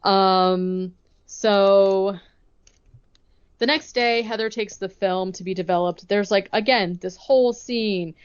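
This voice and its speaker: A chatty woman recaps a movie plot on a podcast and slips into quick acted-out quotes from the characters. Her voice sits in a middle pitch, and the recording is a bit dull and muffled. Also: steady tone, clear, resonant tone. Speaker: podcast co-host.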